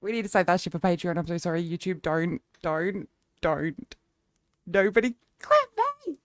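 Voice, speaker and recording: A woman's voice: fairly low pitch, fairly even intonation, normal speed, no echo. A woman streamer chatting with her audience in a playful, flirty way, cracking crude jokes and laughing often. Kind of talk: casual livestream chat.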